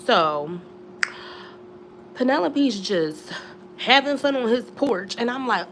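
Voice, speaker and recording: A young woman spinning a storytime at home, chatty and slangy, with her voice jumping up and down as she talks. There is a gravelly rasp in her tone and a faint hiss of background noise. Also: fairly high pitch, slow pace, long pauses. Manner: slangy, chatty, animated with many asides. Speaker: storytime vlogger. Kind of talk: casual storytelling on a live stream.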